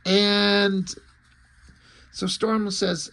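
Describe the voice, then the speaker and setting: A man's voice: fairly high pitch, animated, normal speed. A man reviewing comics in a casual, wry way, with fillers and mild swearing. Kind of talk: casual chat.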